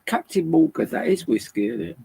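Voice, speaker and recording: A man's voice: fairly high pitch, big pitch swings, a little fast, creaky, dark tone, breathy edge. A British man chatting casually on a live stream from home, laughing often and swearing freely. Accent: British English. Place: at home with his dog.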